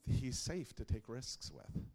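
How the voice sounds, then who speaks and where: A man in his thirties preaching, telling family stories with lots of laughter and getting loud when he acts out scenes. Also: medium pitch, slow. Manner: animated storyteller who laughs often and gets loud when acting out scenes. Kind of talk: sermon with personal stories.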